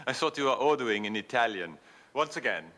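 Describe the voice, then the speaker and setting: A pompous, bumbling French police inspector in a film, bright and lively in pitch. He talks in a thick, exaggerated comic French accent and mangles his words with grand self-importance. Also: fairly quick. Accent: mock French.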